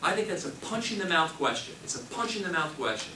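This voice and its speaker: A man teaches a real estate sales class, coaching emphatically and repeating his key points in classroom training talk. His voice is high-pitched, very animated and quick. The recording is noisy, with an echoey room and a distant mic.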